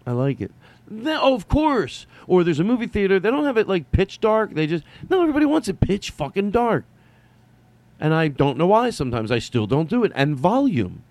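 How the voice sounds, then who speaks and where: A man's voice: high voice, big pitch swings, brisk, darkish tone, no room sound. A man rambling through a casual solo monologue to his viewers, digressive, with casual swearing and lots of fillers. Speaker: vlogger.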